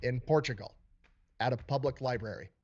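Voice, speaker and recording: A man telling a history story in casual, animated, profane storytelling. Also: mid-range voice, a little fast, highs cut off, slight background noise.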